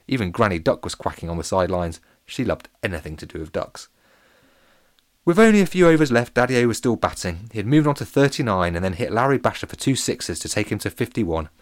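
Guy reading a kids story out loud, playful and funny, lowish voice. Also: a little fast, dry recording, clean studio sound. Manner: playful, animated, comic. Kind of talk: children's story narration.

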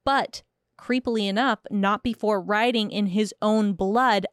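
A woman's voice: mid-range voice, fairly even intonation, unhurried, no room sound. A woman co-hosting a casual podcast, telling eerie history with dry asides. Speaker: podcast co-host. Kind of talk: casual storytelling chat.

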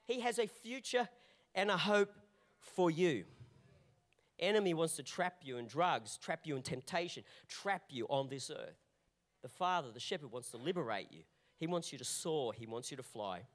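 A male pastor delivering a sermon in an animated, repetitive preaching manner, often restarting his phrases. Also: a little high, moderate pace.

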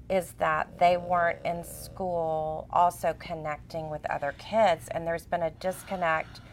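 A woman in her forties, co-hosting a casual chat as an expressive, chatty storyteller. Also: on the low side, a little hiss or hum. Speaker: co-host.

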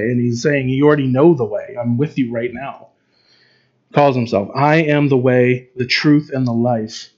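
A man's voice: mid-range voice, steady tone, normal speed, darkish tone, highs cut off. A man preaching in an informal, conversational way, with frequent fillers and restarts. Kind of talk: informal Bible teaching.

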